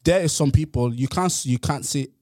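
Guy from ireland, kinda high voice, pushes his point hard, keeps cutting in on a podcast. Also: brisk, warm tone. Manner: insistent, talks over others. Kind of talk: heated casual podcast debate.

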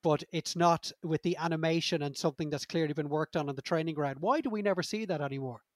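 Fluent podcast host, dry close sound. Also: male voice, on the high side, fast, no room sound. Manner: fluent, steering the conversation. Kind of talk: podcast discussion.

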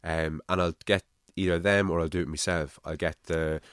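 A man's voice: low-pitched, steady tone, moderate pace, a bit bright, clear, resonant tone, dry recording, clean studio sound. A man from Ireland with a Navan accent, hosting a podcast in casual, rambling chat and swearing freely. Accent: Navan, Irish. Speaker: podcast host.

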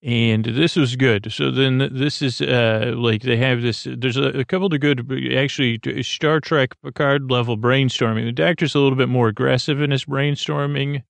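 Gravelly man rambling through a recap. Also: mid-range voice, steady tone, no room sound. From United States. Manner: halting, full of fillers and restarts. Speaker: podcast host.

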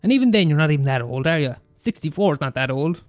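A student radio host in his twenties with an Irish accent delivers a casual monologue, an animated rant with free cursing. His voice is on the high side and quick, in a clean studio with no room sound and faint music behind.

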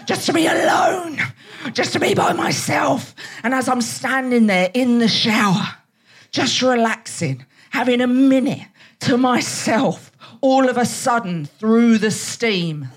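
A woman performing brash, sweary stand-up comedy on a theatre stage, telling stories fast to a live audience. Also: on the high side, lively intonation.

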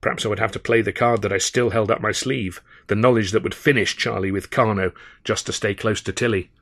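A man's voice: fairly low pitch, steady tone, gravelly, a bit bright. A man with an English accent reading his own novel aloud as first-person audiobook narration. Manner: measured first-person storytelling.

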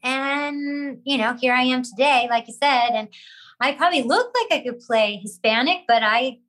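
A woman's voice: high voice, normal speed, fairly bright tone, low-quality recording. A woman, a working actress, speaking as a podcast guest in a candid, reflective way. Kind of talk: casual interview chat.

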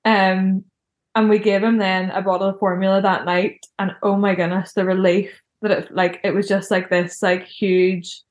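A woman's voice: mid-range voice, flat delivery, normal speed, echoey room. A young woman telling a personal story in a casual, chatty way, filling her speech with "like". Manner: chatty, heavy use of "like" fillers.

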